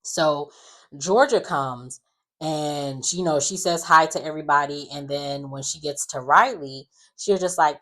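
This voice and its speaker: A woman with a low, deep voice recaps a reality show in a casual, sassy way. She retells scenes by quoting the people in them and throws in blunt asides. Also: normal speed, a bit bright.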